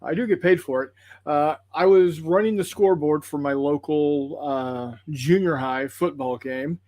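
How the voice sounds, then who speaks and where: A man with a twang hosts a tabletop gaming livestream, reading out viewer comments in a rambling, folksy way full of "uh" and "um." His voice sits fairly high for a man. The sound is dry and close, with no room echo. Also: measured pace, darkish tone. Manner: rambling, apologetic, folksy with fillers.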